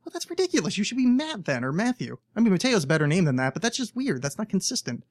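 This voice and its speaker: A man's voice: high voice, very animated, fast, no echo, studio quality. A man hosting a podcast, chatting casually in a rambling, profane, self-mocking way. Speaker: podcast host. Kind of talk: casual chat.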